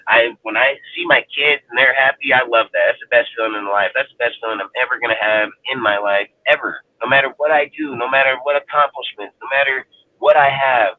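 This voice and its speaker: A man from Northern California telling a personal story as a roundtable panelist, blunt and heavy on swearing, with "dude" in nearly every line. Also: medium pitch. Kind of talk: casual storytelling. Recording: tinny phone-line audio.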